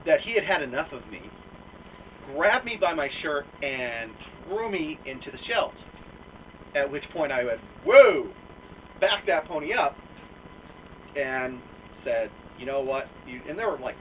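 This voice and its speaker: A young American man telling a story and ranting, swearing freely and poking fun at himself. His pitch leaps up and down as he talks. He sits back from the mic, and the sound is thin and tinny, like a phone line. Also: measured pace, far from the mic, a little hiss or hum. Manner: profane, animated, self-mocking, lots of fillers. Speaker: vlogger. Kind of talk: casual storytelling rant.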